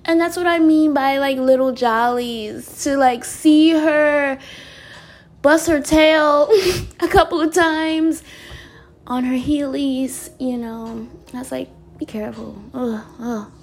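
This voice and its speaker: A bubbly woman vlogger talks straight to her viewers in a high voice with a gravelly edge. She laughs often through her stories and slips into soft, breathy asides. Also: fairly even intonation, takes it slowly. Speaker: wellness vlogger. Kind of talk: casual chat to viewers.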